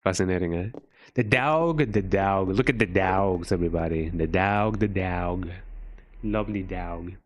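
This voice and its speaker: A man's voice: low-pitched, unhurried. A man streaming a game, joking casually and reading the characters' lines aloud in playful put-on voices.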